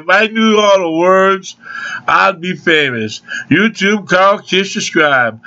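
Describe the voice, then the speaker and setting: Man, casual vlogger, very slow drawl, bright tone, dull lo-fi home recording. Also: high-pitched. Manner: loose and rambling, drawling, laughs between lines. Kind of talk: casual rambling vlog with off-key singing. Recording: dull lo-fi home video audio.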